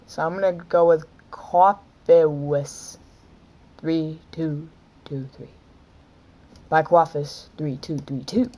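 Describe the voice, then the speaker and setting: A woman giving let's play commentary, excitable, squealing and shouting at the game as she plays. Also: deep voice, slight background noise, low-quality recording. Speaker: gameplay commentator.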